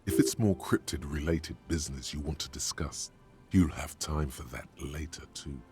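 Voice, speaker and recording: An actor voicing a brooding male inner-voice narrator in a detective video game, speaking in a slow, ominous, poetic way. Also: very deep voice, over loud music.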